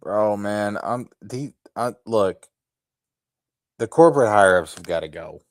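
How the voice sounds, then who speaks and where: A man's voice: on the low side, animated, measured pace, no room sound. A man co-hosting a casual podcast chat, ranting in a fired-up, profane way. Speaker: podcast co-host.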